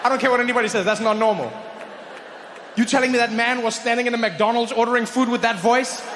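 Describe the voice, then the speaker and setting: A man performing a stand-up comedy set, animated, hammering home repeated punchlines. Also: very high voice, fast talker, a little hiss or hum. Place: live comedy venue. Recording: echoey live hall. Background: audience laughter.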